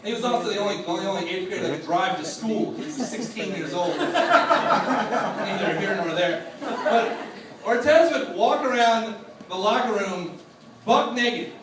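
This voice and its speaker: A man telling a funny story to a live audience, animated and laughing, acting out other people's voices. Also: sits high, measured pace, far from the mic, a loud crowd. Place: stage before a live audience. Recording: echoey hall, voice from off mic.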